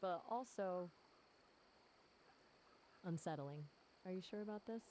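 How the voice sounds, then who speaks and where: A woman's voice: fairly low pitch, slow pace, a little mellow. A synthetic woman's voice playing an AI companion, chatting in a playful, witty manner. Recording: noisy background.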